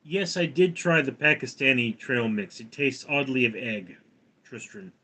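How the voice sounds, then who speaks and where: A man hosting a casual livestream, rambling with halting restarts. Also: medium pitch, pushed and bright. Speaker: livestream host.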